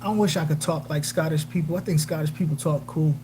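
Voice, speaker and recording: A woman's voice: low-pitched, a little fast, slight background noise, rough recording. A woman hosting a casual livestream chat, rambling, joking and answering viewer comments with lots of fillers. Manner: animated, jokey, trails off with fillers. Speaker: aquarium channel livestream host.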